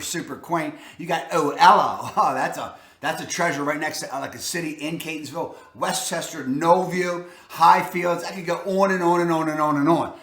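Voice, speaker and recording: Baltimore-accented male realtor for a vlog: raised pitch, punchy and salesy, recorded in a roomy, echoing space. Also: a bit bright. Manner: salesy, emphatic, repeats "I'm telling you" and "boom". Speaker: real estate agent. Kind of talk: enthusiastic real estate vlog.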